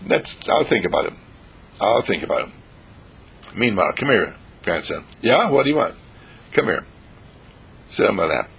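A man voicing a rich, lonely old grandfather in a gruff, weary, grumbling way, with a gravelly, husky voice. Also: lowish voice, sing-song, moderate pace, long pauses, a bit bright, exaggerated voice. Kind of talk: storytelling.

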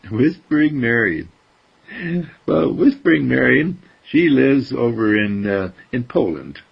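A man telling a children's story aloud in a gentle, unhurried way with lively swoops. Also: medium pitch, vocal fry, breathy edge. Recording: dull lo-fi recording.

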